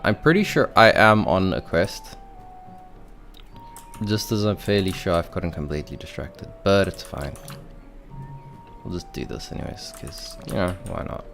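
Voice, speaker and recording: Low, gravelly, playful male streamer. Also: lively intonation, moderate pace, pauses often, fairly bright tone, soft background music. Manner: rambling, playful, talks to chat. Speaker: game streamer. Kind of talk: casual gaming commentary.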